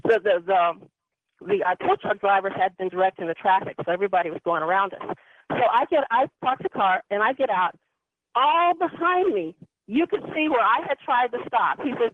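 A woman's voice: on the high side, lively intonation, moderate pace, no room sound. A woman calling in to a radio show, telling a personal story in a chatty, rambling way. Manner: chatty, rambling with many ums and anyways. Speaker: caller. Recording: dry tinny phone line.

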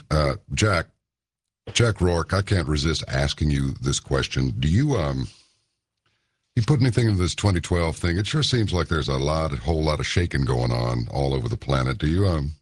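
Radio host, man with an extremely low, husky voice, folksy and chatty, close dry mic. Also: no echo. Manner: folksy, chatty, interjects with brief affirmations. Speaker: radio talk show host. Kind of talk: late-night radio interview.

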